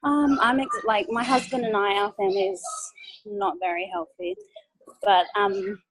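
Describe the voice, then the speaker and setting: A woman's voice: medium pitch, expressive, normal speed, gravelly, noisy background. A young woman giving a nervous testimonial over a video call, hesitant and full of ums and likes. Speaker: guest speaker.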